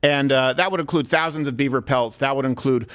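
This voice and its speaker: A man hosting a talk show, giving opinionated comedic commentary in a sarcastic, animated way that slips into acted-out dialogue. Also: mid-range voice, a little fast.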